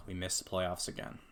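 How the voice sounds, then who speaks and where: Frustrated guy talking to himself while he plays, dry sarcastic mutter, soft typing in the background. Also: a little hiss or hum. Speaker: gaming YouTuber. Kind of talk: casual gameplay commentary.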